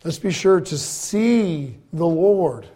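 Male pastor, mid-high mellow voice, conversational sermon with emphatic swells and soft drops. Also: animated, slow pace. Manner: conversational preaching, repeats words, swings between loud emphasis and soft lows.

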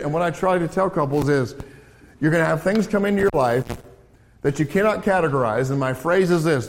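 A middle-aged American man preaching in a church, his fairly high voice swinging from raised emphasis down to low, hushed asides. A long reverb from the hall trails after each phrase. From United States. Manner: animated preaching, rising for emphasis, then dropping low. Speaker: pastor and counselor. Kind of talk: sermon.

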